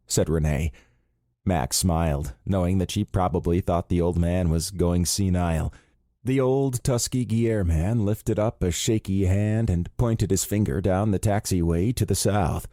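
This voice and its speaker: Deep, dark-voiced male audiobook narrator. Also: unhurried, dry recording, clean studio sound. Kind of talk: scripted narration.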